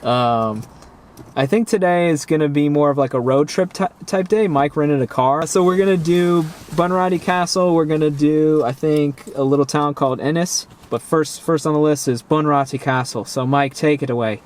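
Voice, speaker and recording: A man's voice: on the high side, moderate pace. Chatty male travel vlog host. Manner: relaxed, chatty, addresses viewers. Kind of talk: casual vlog narration. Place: outdoors on a day trip.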